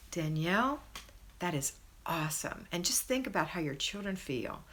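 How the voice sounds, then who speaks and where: A woman hosting a homemaking live stream, reading viewer comments aloud and praising and encouraging her viewers. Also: normal speed. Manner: chatty, with pitch rising high in excitement. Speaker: homemaking livestream host.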